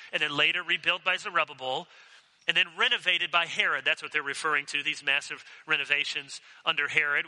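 A man's voice: fairly high pitch, sharp tone. A man preaching an earnest, emphatic sermon as pastor, asking the congregation direct questions. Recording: long hall reverb.

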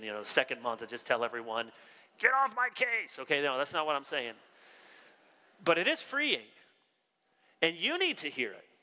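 Bright animated preacher in a reverberant hall. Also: male voice, medium pitch. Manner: animated preaching, wry asides, slows for emphasis. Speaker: pastor. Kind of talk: sermon.

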